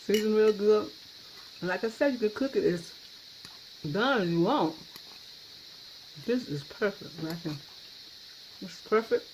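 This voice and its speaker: Chatty woman cooking in a noisy kitchen. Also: lowish voice. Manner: chatty and enthusiastic, tastes food on camera. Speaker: cooking channel host. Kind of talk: casual cooking demonstration. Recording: noisy kitchen with clattering dishes.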